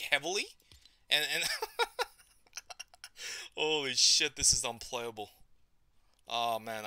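A man's voice: mid-range voice, pushed and bright, no room sound. A young man streaming gameplay, ranting in frustration and swearing a lot. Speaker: gaming streamer. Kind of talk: live gameplay commentary.

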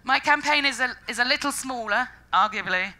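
A woman giving a public science lecture with a bright, forceful voice pitched a little high. She is bubbly and jokey, breaking into little sung noises and playful put-on voices as she talks. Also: brisk, rough recording. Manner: enthusiastic, jokey, acts out quoted voices. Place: lecture stage before an audience.

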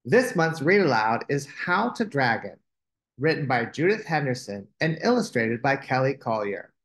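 A man hosting a children's storytime, reading a picture book aloud with expressive delivery. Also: mid-range voice, normal speed.

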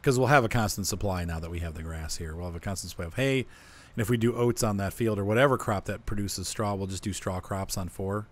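In casual gameplay chat, this man hosts a co-op farming game and explains what he plans to do as he plays. His lowish voice moves fast with hardly any pauses, over a slight hiss or hum.

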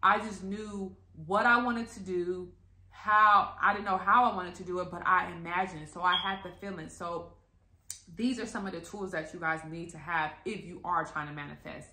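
Woman telling a story, cusses a lot, bright sharp voice, echoey room. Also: on the low side, normal speed. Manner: animated, profane, acts out quotes. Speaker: vlogger. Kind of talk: casual storytelling to camera.

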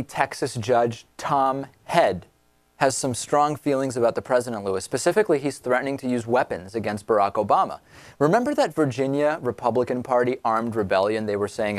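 A man's voice: mid-range voice, expressive, a little fast, no room sound. A man hosting a political talk show, delivering sarcastic, incredulous commentary on the news.

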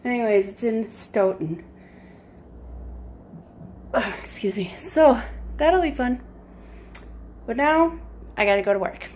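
A woman's voice: fairly high pitch, a little mellow. A young woman chatting casually through a daily vlog, talking about her plans with lots of "like" thrown in. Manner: chatty and unhurried, peppered with "like". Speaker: vlogger.

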